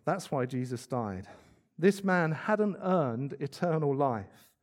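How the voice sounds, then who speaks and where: A man preaching a sermon, earnest, slowing down to stress key words and adding light asides. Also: fairly high pitch, sing-song.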